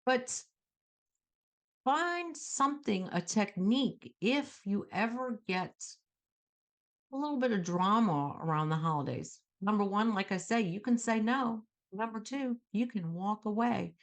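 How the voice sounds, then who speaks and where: A middle-aged woman hosting a self-help talk show, coaching viewers in an animated way and acting out calm self-talk. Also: medium pitch, unhurried. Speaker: host.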